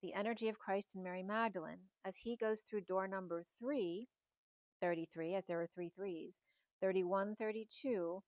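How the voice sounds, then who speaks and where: A middle-aged woman, slightly hoarse, giving a spiritual tarot reading in a musing, meandering way that strings numbers and symbols together. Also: medium pitch, steady tone, moderate pace, a little mellow, dry recording, muffled recording. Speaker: tarot reader.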